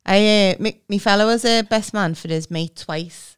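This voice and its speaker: Brief: woman co-host, smooth clear voice, wry and chatty. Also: mid-range voice, normal speed. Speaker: podcast co-host. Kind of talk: casual comedy chat.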